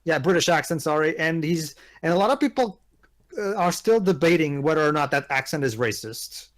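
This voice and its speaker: A man's voice: on the high side, expressive, fairly quick. Rambling man leading a movie commentary. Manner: rambling, leads the group through the film. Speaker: commentary host.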